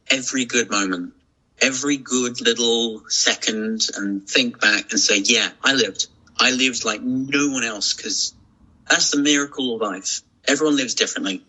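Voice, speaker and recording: A man's voice: fairly low pitch, sharp tone, low-quality recording. A man, a podcast guest talking casually and reflectively, with many restarts and fillers. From England. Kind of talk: casual chat.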